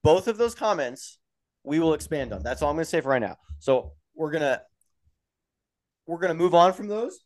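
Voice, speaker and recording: A young man co-hosting a casual motorsport podcast, animated and quick to swear and laugh. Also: fairly high pitch. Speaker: podcast co-host. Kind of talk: casual chat.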